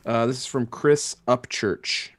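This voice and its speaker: A man's voice: mid-range voice, unhurried, a bit bright, no room sound. A man hosting a podcast in casual chat, rambling and groping for words as he plays listener questions. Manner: rambling, gropes for words, laughs often. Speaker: podcast host.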